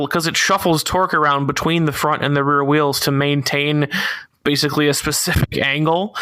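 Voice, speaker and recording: Young man, podcast co-host, laid-back, explanatory, higher pitch, bright tone. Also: dry recording. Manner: laid-back, laughs often, explains technical details. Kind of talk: casual car chat.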